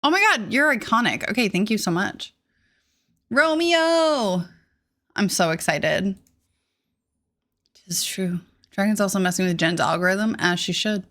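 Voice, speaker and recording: Young woman streamer, bright gushing casual chatter. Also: medium pitch, expressive, a little fast, few pauses. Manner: bubbly, gushing, reads chat aloud. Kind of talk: casual live-stream chat.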